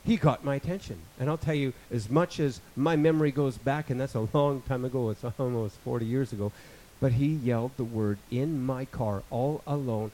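A man in his fifties preaching a sermon, rambling with joking asides and building to loud, emphatic passages. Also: mid-range voice, moderate pace, few pauses, a little hiss or hum, poor audio. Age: 50s.

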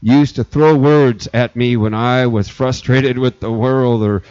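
A man's voice: medium pitch, fairly even intonation, measured pace, darkish tone, clean tone, dry recording. A middle-aged male pastor preaching a sermon, earnest and repetitive, circling back to restate his points. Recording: dull lo-fi recording.

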